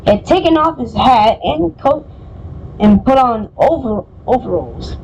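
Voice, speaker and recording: Woman, slow storybook reading, fairly high voice, self-correcting, faint background noise. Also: lively intonation, creaky, a little mellow, poor audio. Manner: casual, stumbling over words and correcting herself. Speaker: storybook reader. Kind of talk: reading a children's book aloud.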